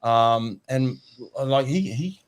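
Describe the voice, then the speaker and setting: A man hosts a laid-back conversation. He rambles, doubles back on his words and calls everyone mate. His pitch sits in an ordinary middle range. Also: slow pace, clear, resonant tone. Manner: rambling, repeats words, says "mate" often. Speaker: podcast host. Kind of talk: casual chat.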